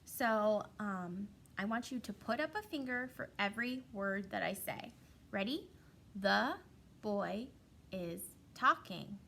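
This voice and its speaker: Young woman doing a kindergarten lesson online, singsongy and slow, bright voice, faint room hum behind. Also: medium pitch, creaky. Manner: sing-song, exaggerated and playful, drawn-out words. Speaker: kindergarten teacher.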